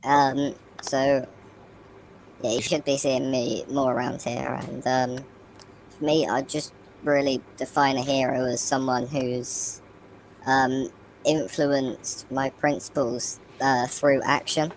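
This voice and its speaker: A podcast guest talking hesitantly through a pitch-shifting voice changer over a call. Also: little pitch movement, takes it slowly, a little hiss or hum. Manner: hesitant, with ums. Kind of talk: casual self-introduction.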